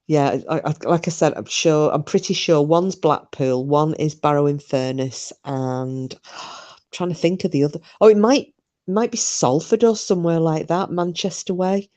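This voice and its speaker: A middle-aged woman with a low, warm voice speaks at a moderate pace. Hosting a live stream, she reads chat and talks casually with viewers, rambling and swearing freely.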